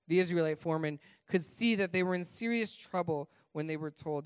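A man's voice: a little high, brisk, hardly any pauses, smooth, no room sound. Man reading scripture in church. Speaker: scripture reader.

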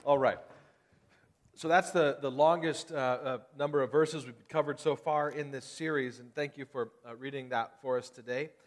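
A man's voice: mid-range voice, fairly even intonation, normal speed. A man preaching a sermon as pastor at a church service, conversational, posing questions to the congregation.

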